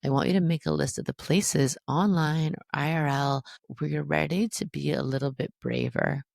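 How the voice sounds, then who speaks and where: A man talks straight into a close podcast mic, his voice gravelly with fry at the ends of phrases. He gives casual spiritual guidance in a chatty, playful way, full of likes and rights, with some cheeky swearing. The sound is dry and close. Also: on the high side, steady tone, moderate pace, dry recording. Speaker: astrologer podcast host.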